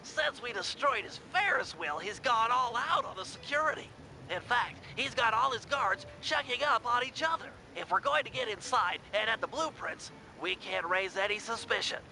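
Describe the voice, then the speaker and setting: A man's voice: very high-pitched, normal speed, sharp tone, a little hiss or hum, full character voice, poor audio. An actor voicing a brainy male turtle planner who lays out mission plans in a precise, explanatory way for a video game. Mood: briefing. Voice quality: precise, explanatory briefing delivery. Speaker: gang planner giving mission briefings. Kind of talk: video game cutscene dialogue. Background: faint game music.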